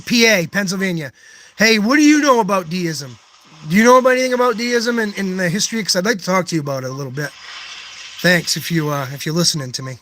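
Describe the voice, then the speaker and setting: A man's voice: high voice, bright, forceful tone, a little hiss or hum. A man hosting a live stream, rambling as he answers chat comments one by one and thanking his viewers again and again in a casual, earnest way.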